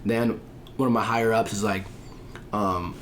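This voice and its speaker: A man telling a story as a podcast guest in casual chat, animated and profane, acting out the voices of people he quotes. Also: lowish voice, moderate pace, slight background noise.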